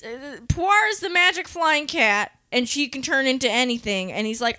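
High bright-voiced woman joking through a recap. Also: very animated, moderate pace. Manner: sarcastic, joking, puts on character voices in quotes. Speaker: podcast host recapping an anime. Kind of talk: casual comedic recap chat.

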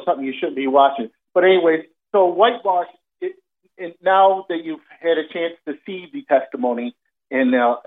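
A man calling in to a radio show, speaking hesitantly and full of fillers. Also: medium pitch. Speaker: caller. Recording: phone line.

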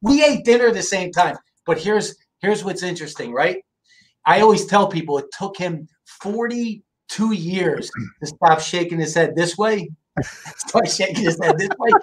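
A middle-aged man from the Philadelphia area, a guest in an interview, telling family stories in a lively, casual way and often checking in with "right?". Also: sits high, moderate pace. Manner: animated storyteller, asks "right?" often. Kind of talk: casual storytelling.

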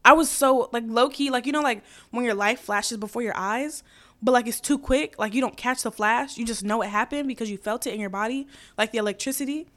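A woman's voice: fairly high pitch, brisk, fairly bright tone. Giggly chatty young woman storyteller. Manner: chatty, giggly, heavy filler words. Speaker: podcast host. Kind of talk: casual storytelling.

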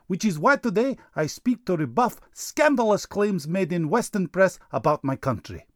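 A sly Russian propaganda reporter. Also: male voice, high-pitched, no room sound, studio quality. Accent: put-on Russian. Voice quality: broken English dropping articles, deadpan. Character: sly male Russian state-media correspondent, smug propagandist. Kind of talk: comedy sketch.

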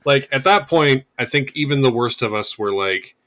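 A man's voice: medium pitch, animated, normal speed, a bit bright. A man hosting a podcast in casual chat, rambling and wry, often restarting his sentences. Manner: rambling, self-correcting, wry. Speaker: podcast host.

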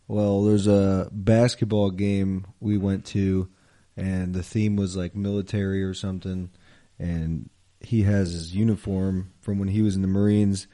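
Young male podcast co-host, low and mellow, laid-back storyteller. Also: level tone, unhurried. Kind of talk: casual chat.

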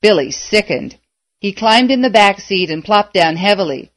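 A woman narrating a story aloud in a measured, expressive way. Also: medium pitch, dry recording. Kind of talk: audiobook narration.

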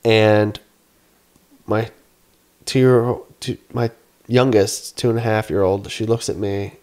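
A man in his thirties, a podcast co-host, telling an animated story in casual chat, swearing and acting out his own yelling. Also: on the low side, slow pace.

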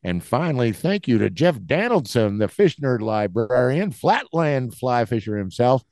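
A man's voice: mid-range voice, big pitch swings, normal speed, a little mellow, dry recording, clean studio sound. A man co-hosting a podcast in casual chat, encouraging and chuckling often. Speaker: podcast co-host.

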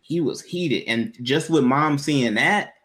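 A man telling a personal story in casual podcast chat, animated, laughing often and jumping high when quoting himself. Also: takes it slowly, a crowd in the background.

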